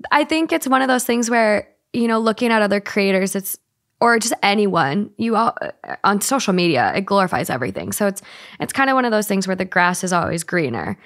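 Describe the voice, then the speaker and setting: A woman's voice: mid-range voice, very animated, a little fast, a bit bright. A woman speaking as a guest on a podcast, earnest and openly emotional. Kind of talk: casual interview.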